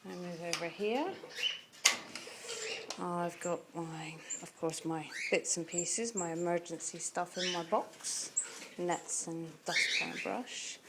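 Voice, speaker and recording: Slow, chatty woman amid loud birdsong. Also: on the low side, steady tone, very noisy. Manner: chatty, proud, rambling with restarts. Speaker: bird keeper giving a tour. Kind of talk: casual walk-through tour. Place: backyard bird aviary. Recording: loud birdsong all around.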